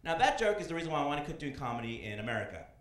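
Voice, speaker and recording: Male comedian on club stage, lively swinging pitch, bright voice, echoey room. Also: racing. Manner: animated, shifts into loud high voices for characters. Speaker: stand-up comedian. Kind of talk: stand-up comedy set.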